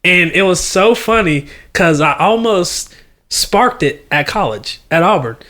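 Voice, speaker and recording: Podcast guest: young man, high-pitched, animated, laughs a lot, salty slang. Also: unhurried. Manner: animated storyteller, laughs often, slangy and profane. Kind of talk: casual chat.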